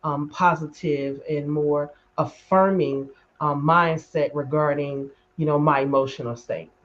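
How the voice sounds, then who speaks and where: A man taking part in a group discussion, speaking slowly and hesitantly as he reflects. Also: fairly high pitch, steady tone, fairly bright tone, highs cut off. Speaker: discussion participant.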